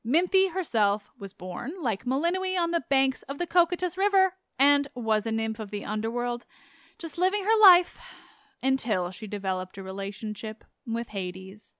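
A woman's voice: a little high, a bit bright, clear, resonant tone, no room sound, clean studio sound. A woman hosting a podcast in a chatty, sarcastic way, swearing freely as she talks. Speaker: podcast host. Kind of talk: casual podcast narration.

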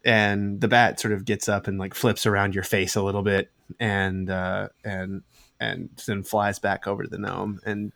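A man's voice: fairly low pitch, little pitch movement, gravelly, a bit bright, no room sound, clean studio sound. A young man running a tabletop game as game master, narrating with many restarts and repeated words. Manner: halting, repeats words, laughs often.

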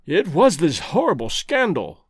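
Grieving colonel, fifties, earnest and halting, as a reader puts him on. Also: male voice, a little high, wildly swooping pitch, husky, dry recording, studio quality, heavily acted. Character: grieving tall middle-aged colonel, shaken.

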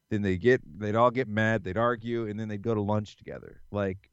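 A man, chatting in a relaxed, rambling way as a podcast host. His voice sits low, and the recording is slightly dull and dry, with little room sound around it. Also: a little fast, clean tone, dry recording. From American South. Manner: laid-back, rambling, with frequent fillers. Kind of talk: casual chat.

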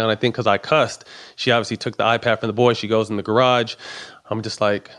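A man's voice: mid-range voice, fast talker. A middle-aged man casually telling a long personal story, swearing often and acting out the dialogue. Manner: profane, animated storytelling with quoted dialogue. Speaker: podcast guest.

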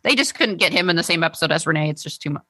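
A woman's voice: low voice, expressive, rapid-fire, bright, forceful tone, husky, no room sound, studio quality. A woman co-hosting a podcast in casual chat, chatty, often trailing off and laughing. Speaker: podcast co-host.

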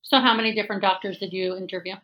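A woman's voice: mid-range voice, fairly even intonation, very fast, fairly bright tone. A woman hosting an interview, asking questions and affirming her guest supportively. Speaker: podcast host.

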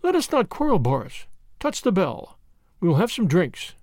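Brief: man doing a cold, scornful schemer lady in a storybook reading, high and lilting, dry sound. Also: normal speed, dry recording. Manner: calm, mocking, coolly superior. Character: cool, scornful, scheming society woman.

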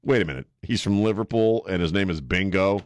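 A man's voice: low voice, a little fast, dry recording. A man hosting a talk radio show, joking and mocking as he comments, with asides to the caller and the studio. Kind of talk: casual talk radio monologue.

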